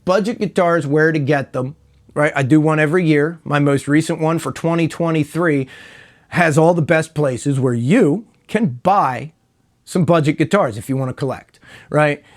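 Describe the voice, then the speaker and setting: A middle-aged man hosting a home guitar vlog, talking loosely and meandering, tossing in "man" and "right?". His voice sits a bit higher than most men's. He sounds relaxed and chatty, speaking straight to the camera. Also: normal speed. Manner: laid-back, rambling, says "man" and "right?" often. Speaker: YouTube guitar channel host. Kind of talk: casual rambling vlog to camera. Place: home room with a wall of guitars.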